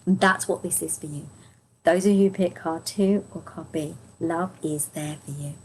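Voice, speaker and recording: A woman's voice: fairly low pitch, fairly even intonation, normal speed, darkish tone, a little hiss or hum, rough recording. A woman giving a live angel card reading to viewers. She is chatty and gushing, laughs often, talks to viewers by name, and her voice is strained and fading.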